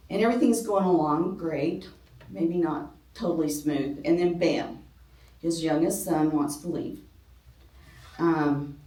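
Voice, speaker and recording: A middle-aged woman teaches a women's church class in an easy, chatty way, dropping frequent ums and the odd joke at her own expense. Her voice sits a little low for a woman. She is picked up from across a roomy classroom, so she sounds distant and echoey. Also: warm tone. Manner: conversational, many ums, self-deprecating humor. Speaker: speaker at a ladies' church class. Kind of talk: informal Bible class talk.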